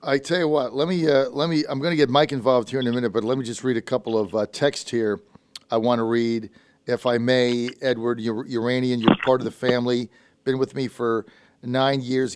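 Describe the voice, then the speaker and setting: A male talk radio host with a smooth, resonant voice, recorded dry and close in a studio. He talks briskly and informally, moving quickly between guests and listener messages. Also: mid-range voice, no echo. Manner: brisk, informal, reads listener texts aloud.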